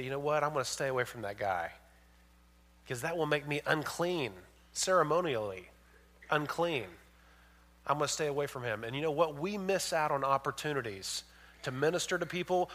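A man preaching a sermon, swinging from loud emphatic points to hushed storytelling. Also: on the high side. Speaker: pastor.

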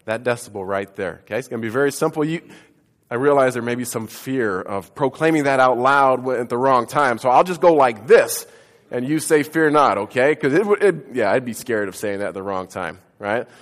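A man preaching a sermon to his congregation, leading call-and-response and swinging between loud declarations and hushed lines. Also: medium pitch, lively intonation, brisk. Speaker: pastor. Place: church sanctuary. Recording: echoey church hall.

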